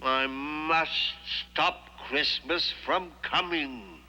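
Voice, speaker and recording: A man's voice: fairly high pitch, extremely slow, pushed and bright, pitched above the performer's own voice, exaggerated voice. An older man voicing a sneering, Christmas-hating green creature in a theatrical, snarling way, from an old cartoon soundtrack. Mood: scheming.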